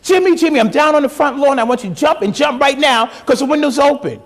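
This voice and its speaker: A man's voice: extremely high pitch, fast, big-room sound, voice pushed up. A man voicing a desperate father who calls out urgently for his child. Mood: frantic. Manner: frantic calling, urgent commands.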